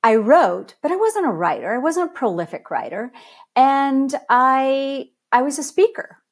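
A woman's voice: sits high, measured pace. Middle-aged woman telling stories on a podcast. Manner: lively storyteller who laughs easily. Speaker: podcast guest, author and speaker. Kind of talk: podcast interview storytelling.

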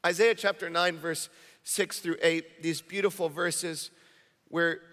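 High-voiced preaching man, hall echo. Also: a little slow. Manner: energetic, conversational preaching with repeated phrases. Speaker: pastor. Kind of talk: sermon. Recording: long hall reverb.

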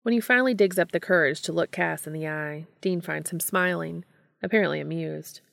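A woman giving a steady, scripted narration of a romance story. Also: on the low side, fairly quick, gravelly, dry recording, studio quality.

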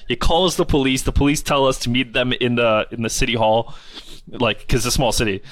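A man's voice: mid-range voice, a little fast, no echo. Man telling a rambling story. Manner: animated, rambling, many fillers. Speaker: guest. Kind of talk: casual storytelling. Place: South Florida.

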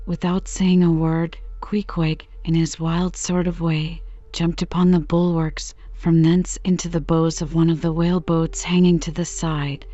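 Woman, sleep-podcast reader; low, mellow, dull lo-fi audio. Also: level tone, a little slow, few pauses, dry recording. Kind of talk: calm bedtime audiobook reading.

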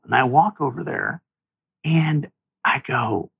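A man's voice: mid-range voice, unhurried, creaky, a bit bright, husky, dry recording. A man in his thirties, an interview guest telling an emotional personal story in an earnest, reflective way, his voice rising as he speaks.

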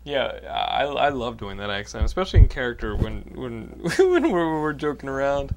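A man's voice: medium pitch, huge pitch swings, moderate pace, a little mellow, slight background noise. A man from Texas hosting a podcast, chatting loosely about a movie with many fillers and a profane streak. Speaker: podcast host. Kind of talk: casual chat, movie review.

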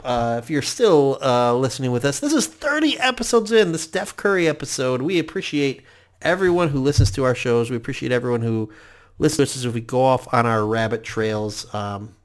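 A man co-hosting a casual podcast, loose and chatty, breaking into laughter between his points. His voice sits at an ordinary middle pitch. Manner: laughs often, chatty and joking. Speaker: podcast co-host. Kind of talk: casual chat.

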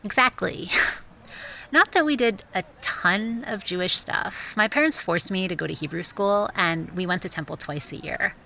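A woman's voice: lowish voice, normal speed, vocal fry, pushed and bright, rough recording. A young woman from Texas, a university student, speaking candidly as an interview guest. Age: young adult. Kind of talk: casual interview chat.

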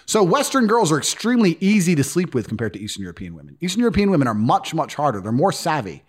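A man's voice: on the high side, big pitch swings, fast talker, husky. A man telling stories as a podcast guest in a blunt, profane, casual way. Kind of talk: casual storytelling.

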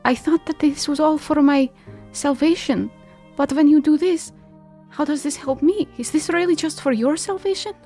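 A woman's voice: high-pitched, normal speed, mellow, soft background music, voice pushed up, close to an everyday voice. A woman voicing a frightened young woman pleading with her father, in a tabletop game. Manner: pleading and trembling, later defiant.

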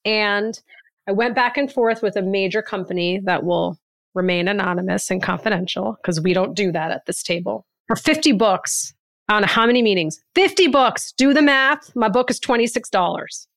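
A woman co-hosting a casual podcast, speaking at a middle pitch with animated, emphatic storytelling. The sound is dry and close, with no room around her voice. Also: moderate pace, no room sound. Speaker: podcast co-host. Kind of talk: casual chat.

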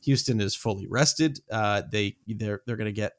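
A man's voice: fairly low pitch, moderate pace, no echo, studio quality. A man co-hosting a casual sports podcast, talking in hesitant, restarting bursts. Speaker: podcast co-host.

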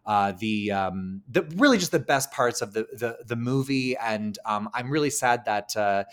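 A man's voice: on the low side, expressive, normal speed, a bit bright. A man co-hosting a podcast, chatting casually about films, with lots of "like" and "um" and the odd swear word. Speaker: podcast co-host. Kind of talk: casual film discussion.

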